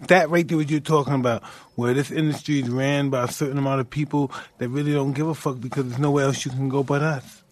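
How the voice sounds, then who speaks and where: A man's voice: medium pitch, fairly even intonation, fast, no echo. A man hosting a casual interview, asking blunt questions and speaking frankly with swearing. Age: older than the guest. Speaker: podcast host.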